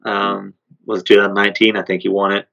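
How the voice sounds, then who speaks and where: A man co-hosting a podcast, talking sports in a relaxed, rambling way with lots of fillers. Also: on the low side, quick pace, creaky, poor audio. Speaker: podcast co-host. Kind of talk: casual sports chat.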